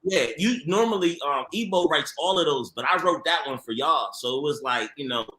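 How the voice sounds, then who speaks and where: A man talks about his producing days in a lively, slangy way and laughs often. His voice is bright and a little high. The room is echoey. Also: a little fast. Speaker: TV producer guest. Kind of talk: casual podcast conversation.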